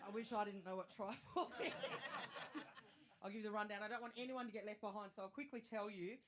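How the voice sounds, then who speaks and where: A woman in her thirties with an Australian accent, performing a stand-up comedy set, chatty and self-mocking with quick asides to the crowd. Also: mid-range voice. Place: comedy venue stage with live audience. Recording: live show with audience noise.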